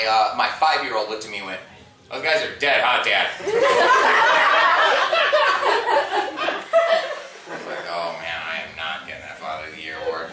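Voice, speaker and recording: A man's voice: mid-range voice, sharp tone. A man in his thirties doing a stand-up set, telling stories with acted-out quotes and laughing at his own jokes. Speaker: stand-up comedian. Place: convention stage before a live crowd. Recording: echoey room, far from the mic, noisy.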